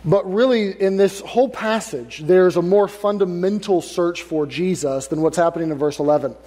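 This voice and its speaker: A man's voice: high voice, normal speed, warm tone, in a large hall. A male pastor preaching a sermon, reading scripture aloud and then paraphrasing it in casual everyday words. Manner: reads King James verses, then paraphrases them in casual modern speech.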